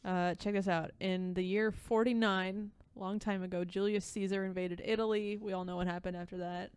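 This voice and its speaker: A woman co-hosting a comedy podcast live in a theater, giggling as she reads out trivia. Her voice is smooth and resonant, sitting at a middle pitch, and it comes across dry, with little room sound on it. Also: steady tone, normal speed, a little mellow, no echo. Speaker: podcast co-host. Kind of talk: casual comedic chat. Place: upstairs theater stage.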